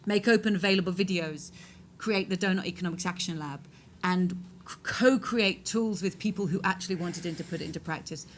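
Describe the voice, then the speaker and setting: A woman's voice: lowish voice, a little fast, slight background noise. A woman in her forties, an author answering questions in a public debate, speaking emphatically and rhetorically. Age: 40s. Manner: emphatic, rhetorical, acts out quoted voices.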